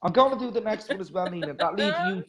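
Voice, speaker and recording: A male radio host who reads rhyming poems with softly trailing line ends, then chats in a self-mocking way between readings. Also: high voice, expressive, fast, a little hiss or hum, poor audio. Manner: soft, trailing ends of lines. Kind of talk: reading rhyming poetry and chatting.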